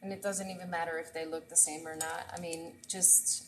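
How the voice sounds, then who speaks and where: A woman's voice: fairly low pitch, moderate pace, hardly any pauses, roomy sound, background noise. A woman chef hosting a casual cooking livestream, chatting straight to her viewers while she cooks, on an earbud mic in a home kitchen. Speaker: chef and host.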